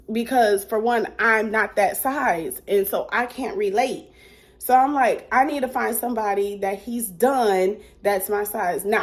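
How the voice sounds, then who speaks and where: A woman telling a storytime vlog into a phone held at arm's length, acting out a phone call as she goes. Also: mid-range voice. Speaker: vlogger.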